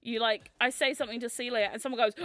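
A young woman from the United States chats on a livestream with a bright, lively tone, giggling and reading viewer comments as they come in. Her voice is a little high and sits close and dry on the mic. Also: fast, no echo. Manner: giggly, excitable, reads chat aloud. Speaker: livestream host. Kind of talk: casual livestream chat.

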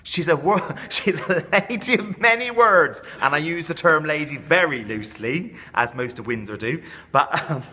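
A man's fairly high, bright, forceful voice comes through with slight background noise, animated but at normal speed. In character for a comic vlog, he's winded from dancing in a dance hall and pours out camp showbiz patter promoting himself.

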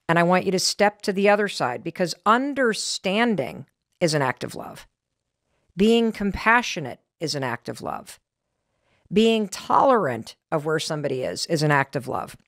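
A middle-aged woman with an American accent, hosting a podcast and telling a candid story in an animated way. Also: lowish voice, moderate pace, dry recording, clean studio sound. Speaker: podcast host. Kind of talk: motivational podcast talk.

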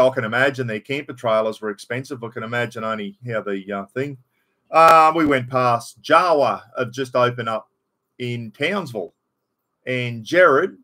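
A man's voice: mid-range voice, a bit bright. An Australian man hosting a casual live stream, rambling in a matey way, greeting viewers by name and swearing bluntly. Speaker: livestream host.

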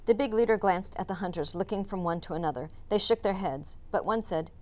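A woman teacher reading a chapter book aloud, narrating in a calm, measured way. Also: mid-range voice. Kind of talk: storybook read-aloud narration.

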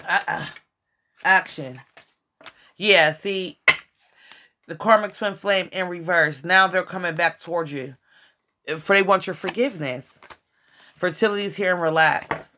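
A woman giving a casual tarot reading to her viewers, excitable and swearing often as she talks to them directly. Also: fairly low pitch, a little hiss or hum. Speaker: tarot reader.

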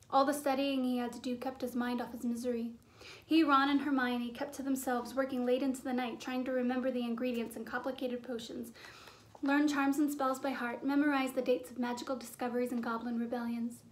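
High-voiced woman reading a storybook. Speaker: audiobook reader.

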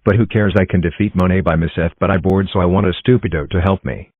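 A man playing a low, husky bully astronaut. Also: steady tone, quick pace, dry recording, phone-quality sound. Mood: taunting. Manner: taunting, name-calling, broken grammar. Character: boastful bullying male astronaut with a pencil.

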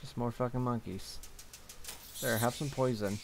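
This gaming channel host, a young man, grumbles and swears to himself while casually commenting on his gameplay. His gravelly voice sits at medium pitch with fairly even intonation and normal speed, over a slight hiss or hum.

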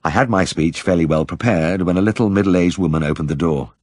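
A man narrating an audiobook in a measured, gently wry storytelling manner. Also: deep voice, dry recording, clean studio sound. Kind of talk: scripted narration.

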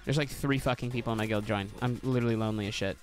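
A young man streaming a game from a small room at home, chatting casually, joking and swearing with sudden excited yelps. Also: soft background music. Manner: animated and joking, swearing, quick pitch jumps into excited yelps. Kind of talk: casual livestream chatter while playing.

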